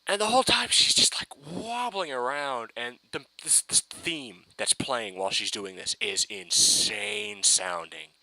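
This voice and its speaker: A man ranting excitedly in a casual fan review, rambling and swearing with many restarts. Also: a little high, measured pace, vocal fry, hardly any pauses, no room sound, low-quality recording.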